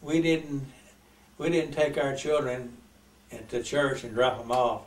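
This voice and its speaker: An older man reminiscing in a family interview, talking haltingly with many pauses and restarts. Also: medium pitch, roomy sound, far from the mic, rough recording.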